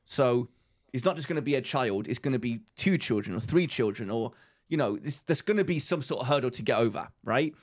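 A young man co-hosting a podcast, an excitable storyteller who laughs often while chatting casually. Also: medium pitch, fairly quick. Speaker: podcast co-host. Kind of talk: casual chat.

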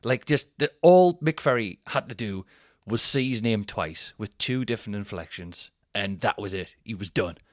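A man's voice: on the low side, normal speed, no echo, studio quality. A young man hosting a podcast, telling rambling, self-mocking stories in a casual monologue. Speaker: podcast host.

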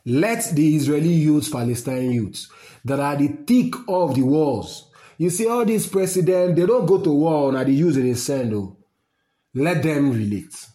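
A man's voice: a little high, lively intonation, measured pace, warm tone. A man with a Nigerian accent, delivering a fiery, rambling political rant to his listeners. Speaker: political commentator. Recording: roomy echo.

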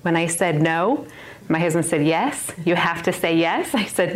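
A woman's voice: on the low side, unhurried. Earnest woman teaching a Bible study. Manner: earnest, emphatic, laughs at herself. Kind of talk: personal testimony to a women's Bible study.

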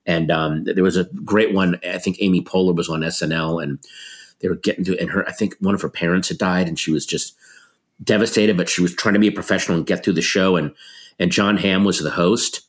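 A middle-aged man with a lowish voice tells stories as a comedian guest. He talks in a lively, conversational way, acting out other people's lines as he goes. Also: fairly quick. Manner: animated anecdotes with quoted voices. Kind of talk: conversational storytelling.

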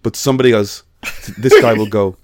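Deep-voiced man telling a story. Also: a little fast. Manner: animated storytelling, acting out quoted voices. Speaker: podcast guest. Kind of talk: casual chat.

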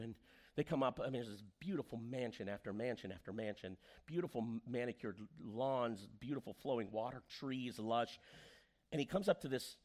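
A man preaching a sermon as pastor, telling stories and acting out the quoted voices. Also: mid-range voice. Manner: animated storyteller, acts out quoted voices.

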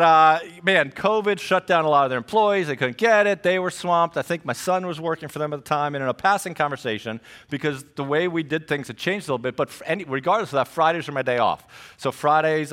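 Middle-aged male pastor, slightly high voice, jokey animated sermon delivery. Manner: animated storytelling with jokes and asides.

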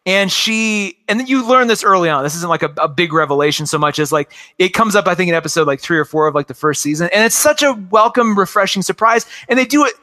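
Guy in his 40s geeking out on cartoons, high bright voice, lots of um and like. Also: animated, fast talker, hardly any pauses. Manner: enthusiastic, rambling with many fillers. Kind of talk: casual chat about cartoons.

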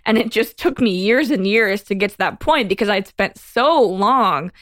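A woman's voice: mid-range voice, moderate pace, no echo. A woman guest on a podcast, candidly telling a personal story in casual conversation. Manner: candid storytelling, animated when quoting herself.

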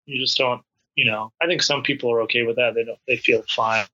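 A man's voice: medium pitch, steady tone, a little fast, sharp tone, lo-fi sound. A man in casual podcast chat who rambles with many restarts and fillers.

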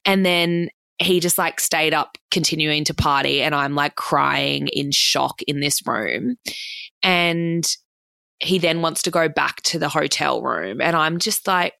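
Aussie girl in her 20s, low croaky voice, swearing a lot while she tells a story, dry sound. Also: fairly even intonation, sharp tone, no echo. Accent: Australian. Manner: swears freely, fast run-on anecdote full of "like". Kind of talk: casual storytelling.

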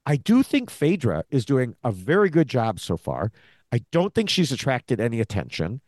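A man's voice: mid-range voice, moderate pace, dry recording, clean studio sound. A man co-hosting a TV recap podcast in casual chat, rambling and trailing off in fillers. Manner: chatty, animated, trails off in fillers. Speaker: podcast co-host.

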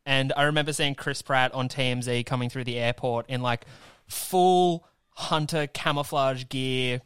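Smooth-voiced Australian guy, sweary and animated. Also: mid-range voice, unhurried, no room sound. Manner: animated, swears freely, rants. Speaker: podcast host. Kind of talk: casual chat.

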